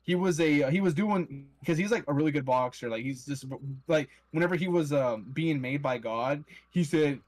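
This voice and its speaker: A man's voice: on the high side, moderate pace, hardly any pauses, no room sound. A young man in casual, profane, laughing banter with friends while gaming.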